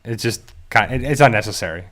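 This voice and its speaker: This YouTube show host from South Jersey talks quickly in a fairly low, fairly bright voice. Leading a casual fan discussion, he speaks straight to his viewers, rambling and restarting with lots of fillers.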